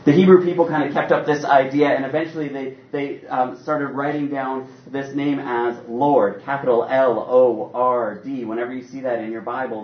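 A man preaching a sermon in an animated, conversational way with playful asides. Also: medium pitch. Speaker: pastor. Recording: roomy, distant, dull sound.

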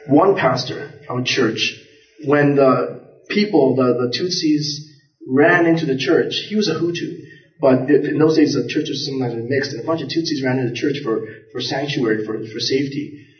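A man's voice: mid-range voice, moderate pace. A man preaching a sermon as pastor, telling stories earnestly and often repeating and restarting his words. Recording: echoey, distant, dull church recording.

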